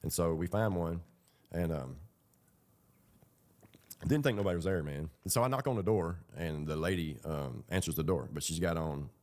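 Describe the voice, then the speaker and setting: A man's voice: sits low, moderate pace, long pauses, darkish tone. A man telling his own story in a loose, rambling, colloquial way. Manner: rambling, colloquial, with fillers and laughs. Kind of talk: casual storytelling.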